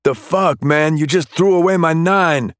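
A man's voice: mid-range voice, moderate pace, no room sound, studio quality, voice pushed up, lightly acted. A man voicing a defiant, foul-mouthed teenage suspect who snarls in street slang. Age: late teens.

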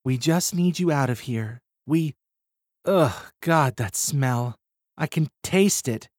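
A man voicing a calm, steady young woman who speaks soothingly. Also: very deep voice, slow, dry recording, clean studio sound, heavily acted.

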